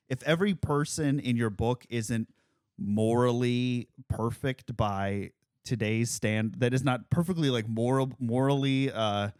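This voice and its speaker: A man co-hosting a casual book-review podcast, making wry deadpan jokes and often laughing. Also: mid-range voice, clear, resonant tone, no echo, clean studio sound. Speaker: podcast co-host.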